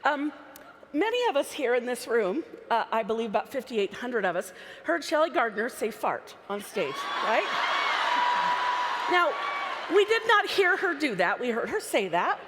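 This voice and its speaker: A woman's voice: fairly high pitch, very animated, normal speed, background noise. A woman giving a chatty, playful live talk from a stage microphone to a large convention crowd. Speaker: convention speaker. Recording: live hall sound with reverb.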